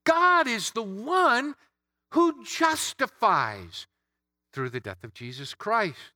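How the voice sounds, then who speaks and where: A man's voice: very high voice, big pitch swings, slow pace, sharp tone, no room sound, studio quality. A man preaching an Easter sermon, emphatic, building through repeated phrases.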